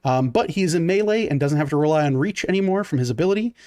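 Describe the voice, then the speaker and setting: A man's voice: fairly high pitch, lively intonation, fast talker, dark tone. A man running a tabletop game as game master, narrating casually with lots of fillers and counting out dice rolls.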